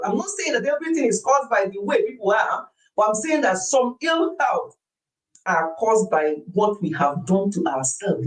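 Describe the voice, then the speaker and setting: A middle-aged woman hosting a wellness show, chatting to a group in a lively, confiding storytelling way. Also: mid-range voice, poor audio. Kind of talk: casual chat to a group.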